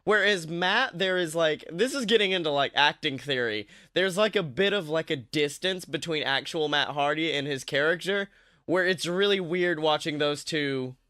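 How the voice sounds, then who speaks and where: A man's voice: a little high, expressive, moderate pace, bright, forceful tone, dry recording, clean studio sound. A man hosting a podcast in casual, joking chat, telling stories with animation. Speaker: podcast host.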